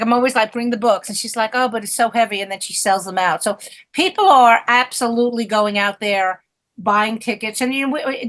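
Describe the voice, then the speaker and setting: A woman's voice: a little high, fairly bright tone. A woman comedian guest telling rambling stories in a blunt, profane way. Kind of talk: casual chat.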